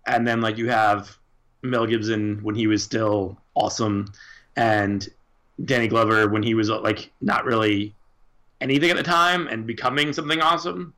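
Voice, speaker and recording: A man's voice: lowish voice, steady tone, normal speed, sharp tone. A man co-hosting a casual chat, talking enthusiastically and swearing freely. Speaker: podcast co-host.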